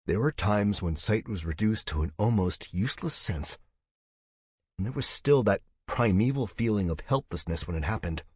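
A man reading a science-fiction audiobook in a measured, steady scripted narration. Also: fairly low pitch, breathy edge, no echo, clean studio sound.

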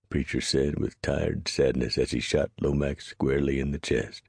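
A man narrating a western audiobook in a steady, measured storytelling manner. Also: a bass voice, breathy edge, no room sound, clean studio sound.

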